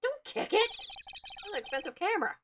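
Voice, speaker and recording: A woman voicing an excitable, bubbly young woman sidekick with music underneath. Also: very high voice, moderate pace, slight background noise, pitched above the performer's own voice, exaggerated voice. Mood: excited. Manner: bubbly, eager.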